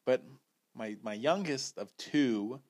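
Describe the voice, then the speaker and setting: A man's voice: mid-range voice, expressive, slow, darkish tone. A man in his mid-thirties co-hosting a podcast, chatting casually with a laid-back manner and short replies. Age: 30s. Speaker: podcast co-host. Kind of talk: casual chat.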